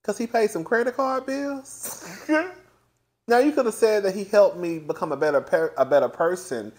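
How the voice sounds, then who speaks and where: A young man with a fairly high voice gives a casual, sassy commentary on a reality TV reunion. He talks in a loose, chatty way, swears freely and laughs often. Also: normal speed, darkish tone. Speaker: reality TV reviewer.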